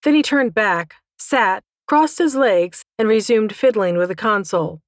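A woman reads a first-person story aloud with a wry, dry humor. Her voice sits at an ordinary middle pitch, recorded close and dry with no room sound. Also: unhurried, no room sound. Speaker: audiobook narrator.

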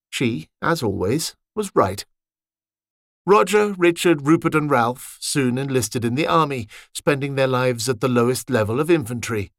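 A man reading a fantasy story aloud in an expressive, wry manner. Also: mid-range voice, no room sound, clean studio sound.

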